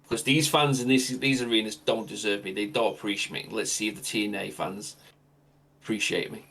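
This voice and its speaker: A man's voice: lowish voice, a little fast. Male host improvising a wrestling story. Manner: animated, improvising. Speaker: podcast host. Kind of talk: fantasy-booking storytelling.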